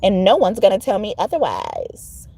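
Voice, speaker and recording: A woman's voice: medium pitch, huge pitch swings, moderate pace, creaky, dark tone, slightly rough. A woman tarot reader talking casually to her viewers, blunt and emphatic, cussing freely. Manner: emphatic, blunt, cusses a lot. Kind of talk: casual tarot vlog talk.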